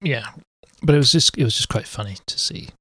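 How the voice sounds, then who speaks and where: A man's voice: mid-range voice, lively intonation, fairly quick, sharp tone, breathy edge, no echo. A man co-hosting a casual chat podcast about football, joking around and sometimes putting on mock accents. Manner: jokey, puts on mock accents. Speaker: podcast co-host.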